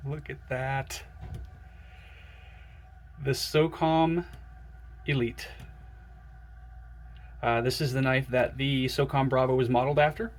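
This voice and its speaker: Guy unboxing stuff for his vlog, super excited, keeps gushing to the viewers, bit of noise in the background. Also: mid-range voice, measured pace, long pauses. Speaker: knife collector vlogger.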